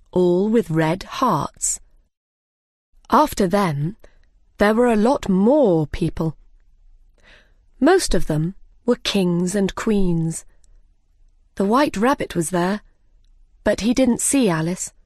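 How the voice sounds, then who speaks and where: Learner-story narrator: woman, slow and clear, dry close mic. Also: mid-range voice, darkish tone, no echo. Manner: clear, deliberate.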